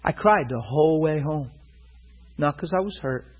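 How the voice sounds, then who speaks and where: A man delivers a sermon through a personal story, voicing both himself and the other man in the quoted talk. His voice is very husky and breathy, and he keeps checking that his listeners are following him. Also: fairly high pitch, animated, moderate pace, dull audio. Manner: retells a personal story, quoting both sides; asks listeners if they follow. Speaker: preacher.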